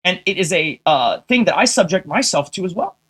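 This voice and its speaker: A man's voice: high-pitched, animated, a little fast, fairly bright tone, breathy edge. A man streaming to his audience, caught up in a heated rant. He curses constantly, sounds exasperated and combative, and keeps turning to viewers with rhetorical questions to press his point. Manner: heavy swearing, exasperated and combative. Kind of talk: ranting livestream monologue.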